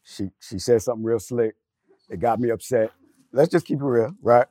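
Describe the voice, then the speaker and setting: A man's voice: mid-range voice, moderate pace, dry recording. A middle-aged man telling a personal story on a panel, acting out the voices in his dialogue. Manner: storytelling, animated, acts out quoted dialogue. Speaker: panel guest. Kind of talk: casual panel discussion.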